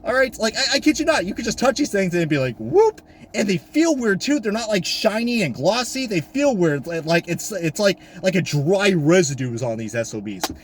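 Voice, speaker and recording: A high-voiced man delivers a profane, comedic rant straight into a camera mic. His pitch leaps all over the place as he swings between shouted outrage and low grumbling. Faint room noise sits behind him. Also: big pitch swings, fairly quick, hardly any pauses. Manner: loud, swearing, exasperated, swings from high shouts to low mutters. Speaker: diecast collector vlogger.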